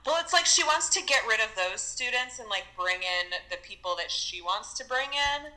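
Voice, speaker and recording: A woman in casual conversation as a film podcast co-host, with a very bright, sharp and tense voice. She retells scenes in loose, chatty runs full of fillers. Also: a little high, lively intonation, moderate pace, rough recording. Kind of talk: casual chat.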